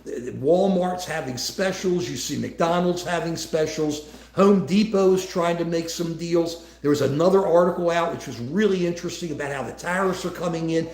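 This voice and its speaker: A man's voice: a little high, normal speed, hardly any pauses, darkish tone. A man co-hosting a casual political livestream, talking in a rambling way with many restarts. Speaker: livestream co-host. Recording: echoey room.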